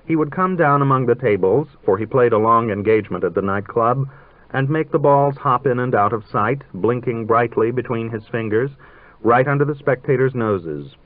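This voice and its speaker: A man narrating a literary story in a measured, dryly ironic way, heard on a tinny old radio broadcast. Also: medium pitch, lively intonation, no echo.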